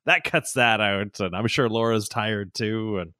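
A man, co-hosting a casual chat and telling expressive parenting stories. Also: fairly low pitch, unhurried, smooth, no echo, clean studio sound. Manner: expressive, laughing, acting out his child. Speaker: podcast co-host.

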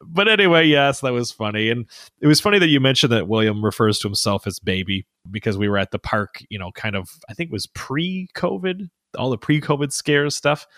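Laughing dad telling kid stories. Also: male voice, brisk, no echo, studio quality. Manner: animated storyteller, laughs often, high child voices in quotes. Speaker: podcast co-host. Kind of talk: casual chat.

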